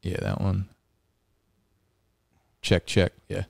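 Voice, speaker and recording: A young man with a somewhat low voice rambles through a casual podcast rant. He swears freely and sounds exasperated. His voice is recorded close and dry on a studio mic. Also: monotone, slow, gravelly, darkish tone, slightly rough, dry recording. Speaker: podcast co-host. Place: apartment room.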